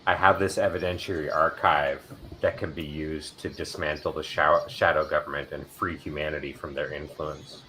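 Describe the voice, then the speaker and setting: Host, male, very deep voice, measured delivery, faint background noise. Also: steady tone, pushed and bright, low-quality recording. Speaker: host giving readings. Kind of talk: casual talk. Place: city in Ireland.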